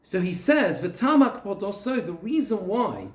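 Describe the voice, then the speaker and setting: A man teaching a Torah class to a group, expressive, asking and answering his own questions and quoting Hebrew text. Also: sits high, measured pace. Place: synagogue room. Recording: echoey room.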